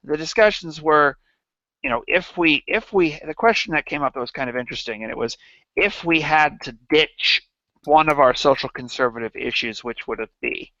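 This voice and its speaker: Gravelly man rambling on a livestream. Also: a little high, pushed and bright, no room sound, dull audio. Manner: halting and rambling, many restarts. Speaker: livestream host. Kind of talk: casual satirical chat.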